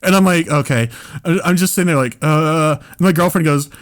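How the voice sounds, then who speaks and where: A man's voice: high voice, fast talker, a little hiss or hum. Rambling man telling a story. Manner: rambling, restarts often, builds to excited animated retelling. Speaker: podcast co-host telling a story. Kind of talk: casual comedic storytelling. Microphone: podcast microphone.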